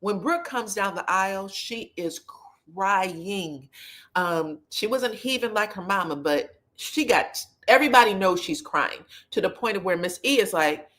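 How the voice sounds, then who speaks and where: Woman recap host, casual and sassy, mid-pitched, quotes people with playful flair. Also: measured pace. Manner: chatty and sassy, quoting people in lively put-on voices.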